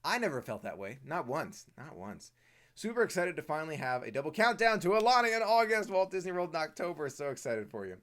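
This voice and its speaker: A man's voice: fairly high pitch, big pitch swings, quick pace, few pauses, fairly bright tone. A man from the Washington, D.C. area hosting a live stream Q&A, chatty, reading viewer comments aloud and answering them. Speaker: host.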